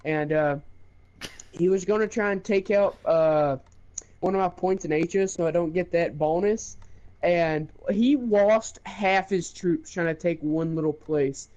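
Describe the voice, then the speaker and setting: A young man telling a game story in casual chat, animated, laughing and swearing. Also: high voice, a little slow, dull audio.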